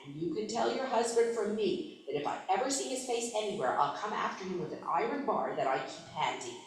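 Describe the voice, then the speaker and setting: A woman reading out the lines of an aggressive, cuckolded man in a slow, blunt and threatening way. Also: extremely high pitch, very animated, a bit bright, voice pushed up, exaggerated voice. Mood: menacing. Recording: very echoey room, voice from far off.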